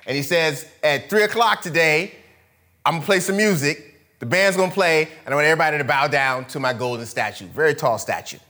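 A man preaching a sermon, retelling a Bible story with lively storytelling and casual slang. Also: on the high side, a little fast. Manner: animated storytelling, acts out characters in casual slang.

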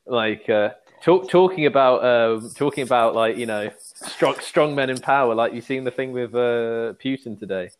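A man's voice: medium pitch, normal speed, clear, resonant tone. Rambling man chatting on a podcast. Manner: rambling, heavy use of "like" fillers. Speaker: podcast co-host. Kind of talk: casual chat.

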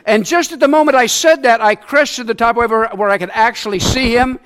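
Brisk and very high, this older man's voice is smooth and a bit bright. As a church elder giving a sermon, he recounts a personal story that makes light of himself, playing out the sounds and quotes in it.

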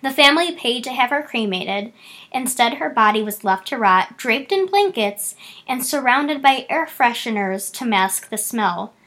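Woman, podcast co-host, casual news chat, higher pitch, animated. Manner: chatty, fast bursts, laughs often.

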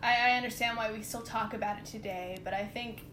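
Brief: young woman, slightly high voice, laid-back and wry podcast guest, echoey room with faint rumble. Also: steady tone, a little fast, a bit bright. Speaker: guest co-host. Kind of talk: casual podcast chat.

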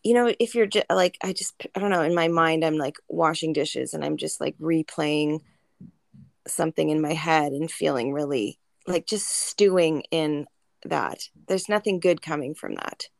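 A woman's voice: deep voice, moderate pace, creaky, no echo, clean studio sound. A woman co-hosting a podcast, chatting in a reflective, hesitant way. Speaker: podcast co-host. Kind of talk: casual chat.

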